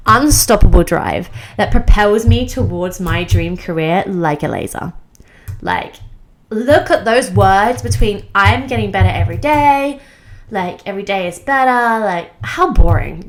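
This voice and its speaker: A young woman talking straight to camera about self-improvement, bubbly and emphatic. Her voice sits at an ordinary middle pitch for a woman, and she often breaks into a laugh as she talks. It is a casual, upbeat motivational chat.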